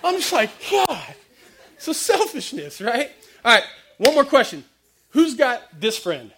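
High, animated man preaching with jokes. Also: takes it slowly. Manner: jokey, quizzes the crowd, acts out stories. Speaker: preacher speaking to a youth audience. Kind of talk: lively comic sermon.

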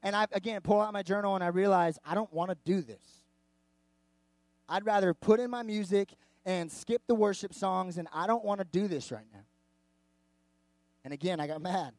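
A male pastor with a notably high voice tells a story in his sermon, animated, candid and chatty. The sound is close and dry, with no room around it. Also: normal speed, long pauses, dry recording. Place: church service before a live audience.

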